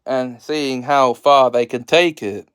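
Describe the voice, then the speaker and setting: A man's voice: medium pitch, steady tone, slow, smooth. A man hosting a casual solo video, jokey and sarcastic, laughing often between lines. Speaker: video host.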